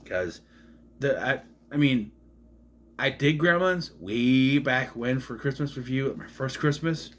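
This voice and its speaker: A man's voice: mid-range voice, a little slow, slight background noise. A man casually showing off his film collection on camera, rambling, joking and swearing now and then. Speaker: collection vlogger. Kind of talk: casual show-and-tell chat.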